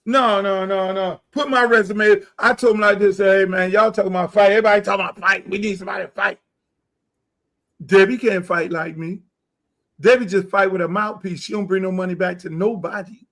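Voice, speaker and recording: A middle-aged man hosting a podcast, ranting loudly and boastfully, with a lot of profanity. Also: high voice, fairly even intonation, a little fast. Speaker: podcast host. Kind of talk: heated casual talk.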